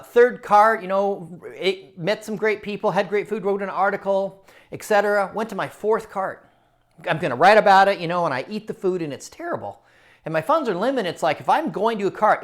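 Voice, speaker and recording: A man telling his own story to camera in a casual, animated way, repeating phrases for emphasis. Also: sits high. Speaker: culinary storyteller and writer.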